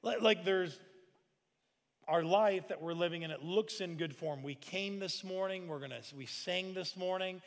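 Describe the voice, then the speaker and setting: A pastor in his forties gives an energetic sermon, his voice slightly raised, acting out small scenes and now and then breaking into shouts. His pitch sits high and his pace is moderate. The long reverb of a large church hall rings around him.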